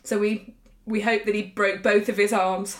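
A pregnant woman co-hosting a podcast, telling stories in a lively way and swearing freely. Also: medium pitch, moderate pace, echoey room, a loud crowd. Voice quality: swears freely, animated storyteller. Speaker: podcast co-host. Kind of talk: casual chat.

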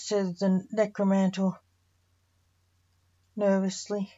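A woman narrates a story slowly in a middle-pitched voice. Her reading is plain and unhurried. The recording is dull and lo-fi. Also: fairly even intonation, warm tone.

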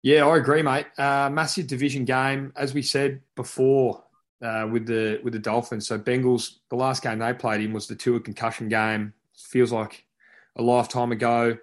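A man's voice: medium pitch, level tone, normal speed. An Australian man co-hosting a podcast, giving sports picks in a matter-of-fact way, full of stats. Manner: matter-of-fact, stat-heavy. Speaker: podcast co-host. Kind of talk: casual sports chat.

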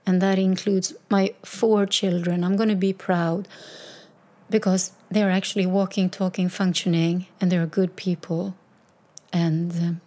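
Middle-aged woman, mellow low-key tone, casual rambling personal storytelling. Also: level tone, measured pace. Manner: rambling, candid, with frequent restarts and quoted dialogue. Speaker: mother sharing personal story.

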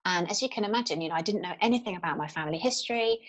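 A woman, a guest telling a personal story in an interview, candid and halting with frequent fillers and restarts. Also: lowish voice, rough recording.

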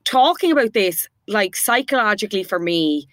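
A young woman co-hosting a casual chat podcast, gossiping about a reality show and acting out quotes in high voices. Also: very animated, moderate pace, a bit bright, no room sound. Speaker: podcast co-host.

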